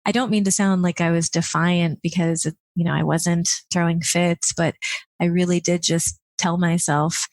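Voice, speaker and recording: A woman's voice: lowish voice, normal speed, no echo. A woman in her thirties, a podcast guest, telling candid stories with frequent laughs and acted-out quotes. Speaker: guest, former chief of staff. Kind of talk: casual podcast interview.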